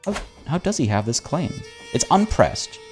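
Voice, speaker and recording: A man's voice: a little high, big pitch swings, moderate pace, soft background music. A man streaming a strategy game, chatting playfully with his viewers, reading event text aloud, joking and often stumbling over and repeating his words. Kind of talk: live-stream gameplay commentary.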